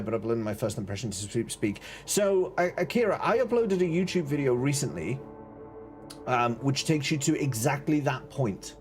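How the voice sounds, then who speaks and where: A man hosting a casual live game stream, greeting viewers, joking and reacting to chat. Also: medium pitch. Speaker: gaming streamer.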